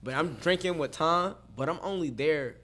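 A man telling a story in casual chat, animated and profane, often breaking into laughter. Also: fairly high pitch, normal speed, a crowd in the background.

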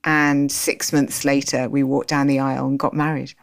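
A woman with a notably low voice tells her own story as an interview guest. She is animated and slips into the voices of remembered conversations as she goes. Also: moderate pace, gravelly. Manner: animated, acts out remembered dialogue.

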